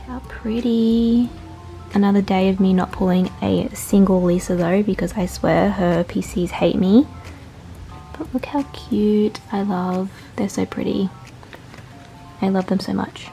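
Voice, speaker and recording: A young woman vlogging at home, gushing excitedly through an unboxing with lots of exclamations. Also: mid-range voice, vocal fry. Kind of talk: casual unboxing vlog. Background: soft background music.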